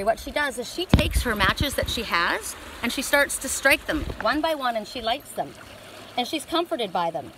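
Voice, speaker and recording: A woman's voice: fairly high pitch, background noise. A middle-aged woman giving a spiritual oracle card reading, talking in a rambling, heartfelt and emotional way.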